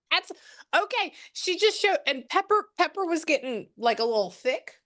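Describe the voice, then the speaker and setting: A woman's voice: very high voice, very animated, measured pace, fairly bright tone. A woman working as a psychic medium, talking casually through a reading and trailing off mid-sentence as she relays messages. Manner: chatty, relays and quotes at length, trails off mid-thought.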